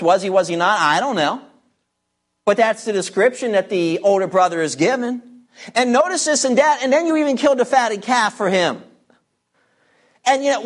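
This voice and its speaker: An emphatic preacher delivering a verse-by-verse sermon. The voice sits at a middling pitch, neither high nor low. Key words are repeated and drawn out slowly for weight. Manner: guides listeners through scripture verses. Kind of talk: expository sermon.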